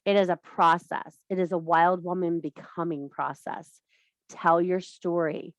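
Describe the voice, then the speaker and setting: With a lowish, steady voice and measured pace, a middle-aged woman leads a women's workshop via video call. Her casual workshop talk is blunt, emphatic, and full of swearing, and there's no echo.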